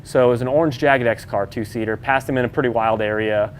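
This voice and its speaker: A man's voice: mid-range voice, fairly even intonation, fast talker, slight background noise. A man, an off-road racer, telling his story in a loose, chatty way during an interview. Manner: loose and chatty, many fillers, acts out quoted dialogue.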